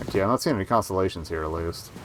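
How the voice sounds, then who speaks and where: A man giving casual let's play commentary, excitable, profane and self-mocking as he plays. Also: low voice, very fast, slight background noise.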